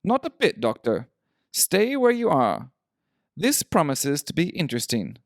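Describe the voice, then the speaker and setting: A man reading a story aloud, voicing a shrewd, dry-witted male detective in a crisp, brisk manner. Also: a little high, huge pitch swings, dry recording, voice pushed up, exaggerated voice.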